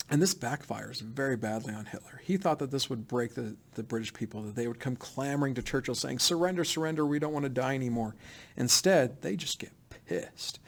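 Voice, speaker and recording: A man's voice: medium pitch, gravelly, breathy edge. A man teaching a history lesson in a loose, chatty way, full of asides and fillers.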